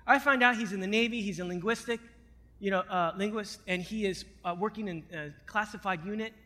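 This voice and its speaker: High-voiced man preaching in a reverberant hall. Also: a little fast. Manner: swings from hushed storytelling to fervent preaching. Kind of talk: sermon testimony.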